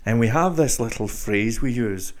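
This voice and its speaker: A man hosting his own show, speaking to listeners in a deliberately slow, mock-grandiose monologue. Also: mid-range voice, lively intonation. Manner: drawn-out, mock-grandiose delivery. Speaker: show host.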